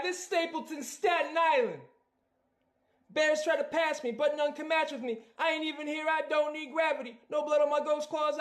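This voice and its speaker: A man voicing a cocky ghostly male bear, rapping boastfully with shouted ad-libs. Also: very high-pitched. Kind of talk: rap song.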